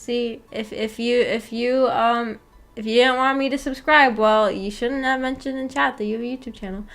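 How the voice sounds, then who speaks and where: A woman's voice: on the high side, fairly even intonation, moderate pace, a bit bright. A woman streamer chatting casually with her live viewers, rambling and giggling as she reads chat aloud. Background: faint background music.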